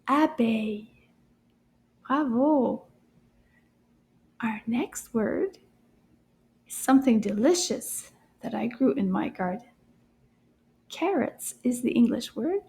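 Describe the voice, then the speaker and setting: A woman with a high, slightly gravelly voice gives a French lesson for young children. She talks slowly and warmly encourages her listeners, sounding out each word carefully so they can say it back. Her delivery is patient and clear. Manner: encouraging, repeats words slowly for children to echo.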